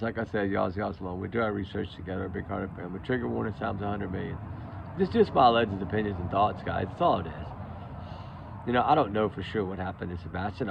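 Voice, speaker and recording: Gravelly, worn-out man rambling to viewers. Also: fairly low pitch, muffled recording, background noise. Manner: rambling, emphatic, repeats himself. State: exhausted from lack of sleep. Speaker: true crime commentary channel host. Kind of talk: casual opinion monologue to viewers.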